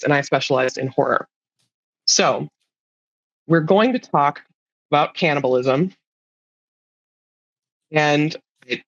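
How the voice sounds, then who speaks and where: A woman's voice: sits low, no room sound, highs cut off. A woman giving a casual, chatty talk as a guest speaker, informal and laid-back, sometimes swearing.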